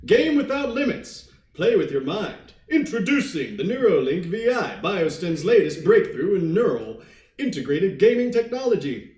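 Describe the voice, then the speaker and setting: Slick male ad announcer, voiced by a man, hyped pitch, boomy room. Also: big pitch swings, moderate pace, a little mellow, roomy sound.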